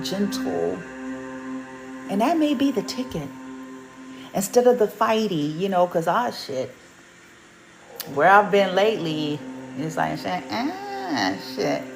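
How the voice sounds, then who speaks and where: A woman's voice: fairly low pitch, creaky, low-quality recording. A woman telling a casual story as a vlogger and reiki practitioner, chatty and colloquial, laughing often and acting out the lines of the people she quotes. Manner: animated, laughing, colloquial, acts out quoted dialogue. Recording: music playing in the background.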